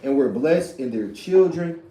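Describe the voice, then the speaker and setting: Man, scripture reader, slightly high pitch, slow, halting delivery, echoey room. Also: animated, warm tone, slight background noise. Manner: slow, halting reading with drawn-out words. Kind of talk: reading verses aloud.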